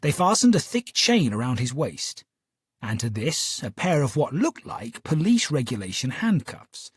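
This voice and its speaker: Casting: male audiobook narrator, animated delivery, slightly husky, dry booth sound. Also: on the high side, a little slow, no room sound. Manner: lively, expressive storytelling. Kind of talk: scripted first-person narration.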